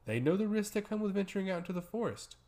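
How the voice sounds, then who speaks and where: A man voicing an arrogant older high priest who speaks dismissively. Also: animated, fast talker, a little mellow. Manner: dismissive, patronizing.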